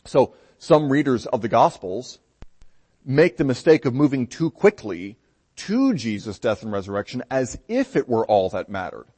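A man preaching a sermon in a conversational, explaining way, often checking in with a quick "right?". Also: medium pitch, big pitch swings, darkish tone, slightly rough.

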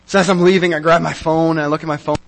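A man preaching a sermon, telling a personal story in an animated, wry and self-mocking way. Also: fairly high pitch, racing, gravelly, rough recording. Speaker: pastor.

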